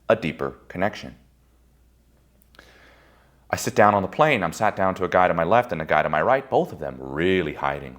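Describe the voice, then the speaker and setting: A man with a very low voice tells candid personal stories about himself. He is blunt and swears freely. He swings from loud outbursts to quiet, reflective asides. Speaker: speaker giving a personal-growth monologue. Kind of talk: candid storytelling monologue.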